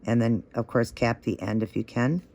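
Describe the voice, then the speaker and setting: A man's voice: medium pitch, little pitch movement, normal speed, creaky, a little mellow. A man hosting a nail art tutorial, talking through each step in a chatty, encouraging way and gushing over how the results look.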